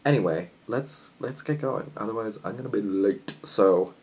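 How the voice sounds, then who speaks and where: A man's voice: fairly low pitch, low-quality recording. Jittery, chatty young man vlogging. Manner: jittery, chatty and excitable, with quick swings between loud enthusiasm and soft musing. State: jittery from coffee. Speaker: book vlogger. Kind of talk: casual vlog chat.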